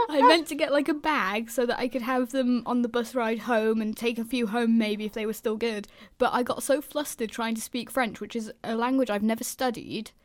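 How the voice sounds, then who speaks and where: A woman's voice: a little high, fairly even intonation, normal speed. A young British woman chatting as a radio co-host, telling stories and laughing at herself. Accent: British English. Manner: storytelling, self-deprecating, giggly. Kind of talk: casual radio chat.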